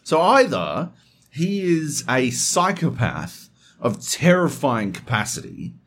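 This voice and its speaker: Man, podcast host, casual chat, animated, heavy swearing, lively voice. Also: on the high side, takes it slowly, slight background noise. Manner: animated, swears constantly, gets worked up.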